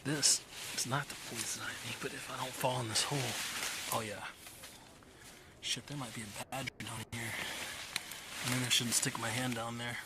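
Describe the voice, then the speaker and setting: Guy rambling outside on a stream, cussing and joking, loud outdoor noise behind him. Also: mid-range voice, level tone, moderate pace, pauses often. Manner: rough-spoken and joking, with frequent swearing. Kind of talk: casual outdoor livestream chat. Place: outdoors in a wooded backyard.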